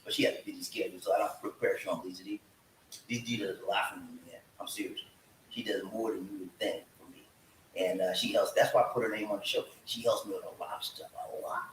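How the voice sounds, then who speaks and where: A man's voice: lowish voice, fast, slight background noise. Hyped up guy hosting his show from home, far from the mic, echoey. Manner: energetic and excitable, hyping up viewers. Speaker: show host. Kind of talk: casual live chat. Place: room at home.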